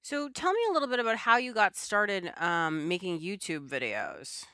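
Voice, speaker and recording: A woman's voice: on the low side, lively intonation, moderate pace, pushed and bright, no room sound, clean studio sound. A woman hosting a podcast, asking her guest short, friendly questions in a casual chat. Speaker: podcast host.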